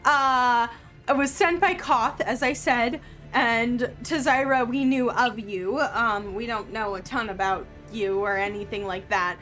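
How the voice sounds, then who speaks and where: Flustered young priestess, voiced by a woman. Hesitant, lots of ums, slow delivery. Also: a little high, fairly bright tone, faint music behind.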